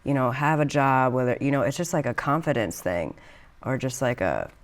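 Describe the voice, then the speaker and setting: A woman's voice: very deep voice, lively intonation, normal speed. A woman hosting a podcast in casual chat, talking in a chatty way full of "like". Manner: chatty, frequent "like" and laughs. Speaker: podcast host.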